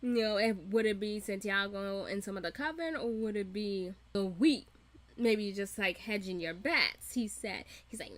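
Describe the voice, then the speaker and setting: A woman vlogger recapping a TV episode in a casual, profane, animated way, often breaking into laughter. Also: mid-range voice, moderate pace. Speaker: reaction vlogger. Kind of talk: casual show recap and reaction.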